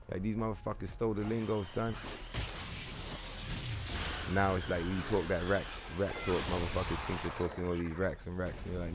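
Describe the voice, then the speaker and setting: A man's voice: deep voice, fairly even intonation, fast, over music. A young man from London with a London accent, chatting casually on a gaming stream in loose slangy banter, answering his chat and swearing freely.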